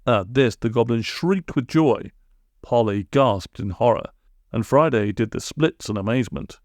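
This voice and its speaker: A man's voice: medium pitch, expressive, a little slow, a little mellow, no room sound, studio quality. A man narrating a comic children's story in a playful storybook reading.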